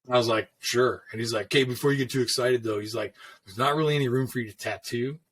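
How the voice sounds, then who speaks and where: A man's voice: medium pitch, fast talker, fairly bright tone. A middle-aged man, a tattoo artist, telling shop stories in a loose, swearing, laid-back way and acting out the lines people said to him. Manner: laid-back, swears freely, acts out quoted dialogue. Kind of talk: casual storytelling conversation.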